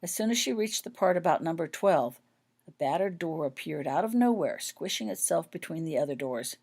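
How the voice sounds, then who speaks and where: A woman narrating her own fan fiction story in an even, expressive read-aloud manner. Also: lowish voice.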